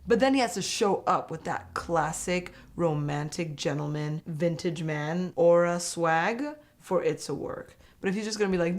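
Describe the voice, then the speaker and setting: A young woman recapping a reality dating show in a casual, animated and opinionated way, laughing often. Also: lowish voice, fairly quick. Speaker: host.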